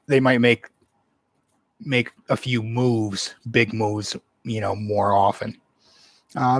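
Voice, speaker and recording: A man of ordinary pitch talks through his sports predictions alone, circling back with plenty of fillers and restarted phrases. His voice sits close and dry on the mic, with no room sound around it. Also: no echo. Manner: rambling, many fillers and restarts. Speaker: sports channel host. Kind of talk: casual solo sports commentary.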